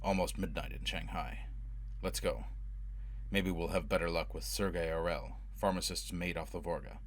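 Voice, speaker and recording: Low-voiced narrator as a relentless avenger, harsh, pushing, audiobook. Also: male voice, normal speed. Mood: grim. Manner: harsh, driving interrogation. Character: brutal, obsessed man hunting for revenge. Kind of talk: audiobook character voice.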